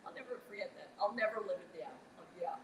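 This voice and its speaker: A middle-aged woman on the radio telling stories in casual chat, animated and laughing, acting out the voices in her stories. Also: mid-range voice, fast talker, far from the mic. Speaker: radio personality guest. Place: busy pub, live broadcast. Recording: echoey pub with loud chatter. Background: pub chatter.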